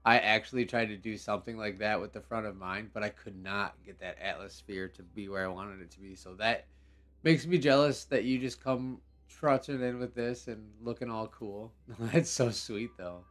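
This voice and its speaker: Over faint background music, a young male livestream host rambles through a game session, relaxed and full of slang, laughing at what happens. He speaks at a moderate pace in a lowish voice with a fairly bright tone.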